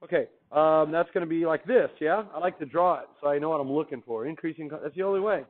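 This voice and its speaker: Heard through a tinny recording that sounds like a phone, this man talks fast in a fairly high voice while lecturing a math class. Upbeat and conversational, he throws out questions to students and answers them on his own.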